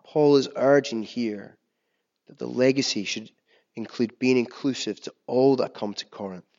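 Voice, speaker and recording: A man preaches a sermon in a relaxed, conversational way, with fillers, restarts and wry asides about himself. His voice sits at an ordinary pitch. It comes through muffled, with a long echo filling a large hall. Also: moderate pace. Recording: dull sound with long reverb in a hall.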